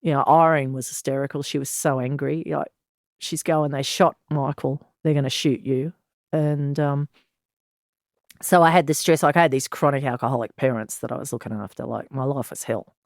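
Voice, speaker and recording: Speaking as a guest in an interview, a former detective in her sixties from Australia recounts her story bluntly and frankly, earthy and punctuated by sighs and laughs. Her rumbling low voice is creaky and a little fast, on a dry, clean studio recording.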